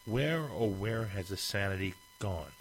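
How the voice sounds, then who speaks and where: A man's voice: lowish voice, expressive, unhurried, a little hiss or hum, rough recording. A man hosting an opinion monologue, speaking emphatically and firing off rhetorical questions.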